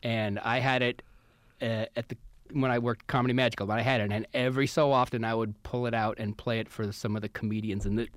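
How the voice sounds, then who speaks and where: Male comic storyteller, mid pitch, dry close mic, animated delivery. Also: fast, no echo. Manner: animated storyteller, acts out quotes. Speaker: comedian podcast co-host. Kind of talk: casual storytelling chat.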